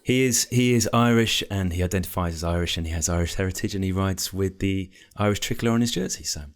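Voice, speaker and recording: Sex: man. Role: podcast host. Style: casual podcast chat. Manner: measured, diplomatic, steers the talk. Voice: very low pitched.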